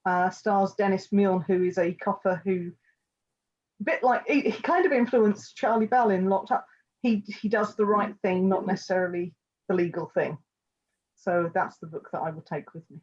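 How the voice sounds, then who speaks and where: A woman's voice: medium pitch, fairly even intonation, moderate pace, darkish tone. Frank woman on muffled lo-fi audio. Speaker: panel guest, crime author. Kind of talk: casual online panel chat.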